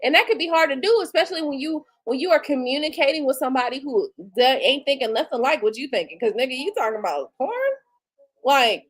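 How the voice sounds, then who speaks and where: Profane, animated high-voiced woman ranting. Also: fast talker, low-quality recording. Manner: blunt and profane, animated, with mocking quoted retorts. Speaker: tarot reader and livestream host. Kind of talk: casual livestream rant.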